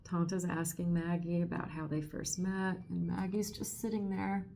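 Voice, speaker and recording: A woman's voice: on the low side, little pitch movement, moderate pace, vocal fry, warm tone, slight background noise. A woman hosting a podcast in a casual book discussion. She gushes with emotion, laughs often, and trails off into restarts. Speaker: podcast host.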